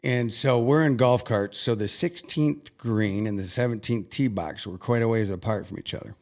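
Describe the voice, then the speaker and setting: A young man earnestly recounting a personal story as an interview guest, halting and emotional at times. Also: medium pitch.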